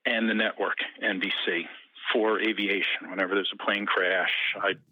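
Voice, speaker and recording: A man calling into a show and talking his way through a long story in a lively way. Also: low voice, normal speed, husky, dry recording. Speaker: guest. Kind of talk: telling a story. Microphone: phone call. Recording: tinny phone line.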